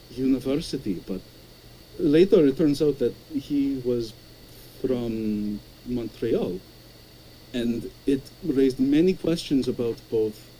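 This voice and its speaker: A man putting on a Russian accent as a caller, telling a story in halting, article-dropping speech with many repeated words. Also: medium pitch, mellow, slight background noise, lightly acted, low-quality recording. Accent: put-on Russian.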